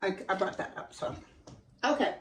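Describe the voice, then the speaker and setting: In her echoey home kitchen, a woman at a moderate pace and with a fairly bright tone hosts a casual cooking demo, talking to viewers as she eats, mouth full. The camera mic is set far off, there's slight background noise, and dishes and pans clatter faintly.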